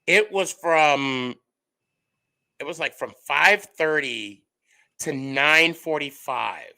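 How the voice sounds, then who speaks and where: A middle-aged man hosts a podcast in casual chat, telling stories with big swings in loudness and pitch. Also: slow pace, creaky, poor audio. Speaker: podcast host.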